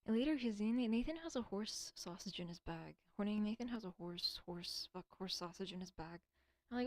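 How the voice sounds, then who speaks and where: On a casual stream, a woman rambles on her own in an animated, medium-pitched voice at normal speed, with no room sound. She swears a lot, trips over her words, and now and then drops into a whisper, all in a self-deprecating way.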